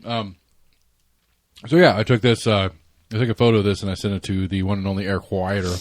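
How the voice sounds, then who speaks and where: A man talks in a loose, rambling way, stumbling over repeated words and swearing casually. His voice sits a little low. The recording is close and dry. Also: fairly even intonation, fairly quick, no echo. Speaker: podcast co-host. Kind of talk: casual chat.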